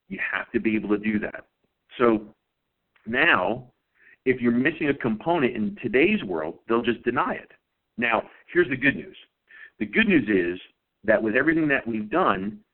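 A man, a guest consultant on a podcast, explains things emphatically and repeats key points as he teaches. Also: fairly low pitch. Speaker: guest chiropractic billing consultant. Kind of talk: instructional podcast talk. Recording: tinny phone-like line.

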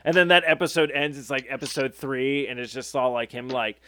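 This is a young man chatting casually, spinning jokes at speed and swearing freely. His voice sits at an ordinary pitch and sounds dry and close, with no room around it. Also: brisk, bright, forceful tone, no echo. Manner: riffing, swears, jumps into acted voices. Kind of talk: casual comedic banter.

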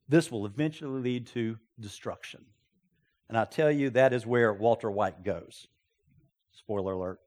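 A man preaching a sermon, telling stories with folksy asides and sudden loud exclamations. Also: mid-range voice. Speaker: pastor.

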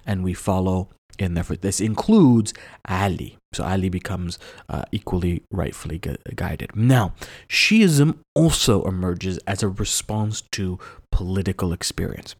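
A man hosting an educational podcast, explaining history in a measured lecturing manner with occasional fillers and restarts. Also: deep voice, a little mellow. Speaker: podcast host. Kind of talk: scripted-sounding lecture on history.

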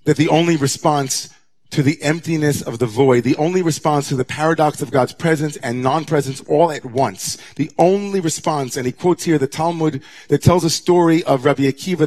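Rabbi preaching with hushed dramatic swings. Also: male voice, on the high side, moderate pace. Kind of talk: sermon.

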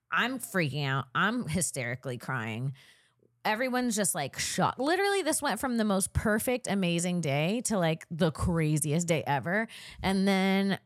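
Lower-voiced woman telling a story, dry sound. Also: no echo. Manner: animated storyteller, heavy use of "like". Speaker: comedian and podcast co-host. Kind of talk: casual chat, storytelling.

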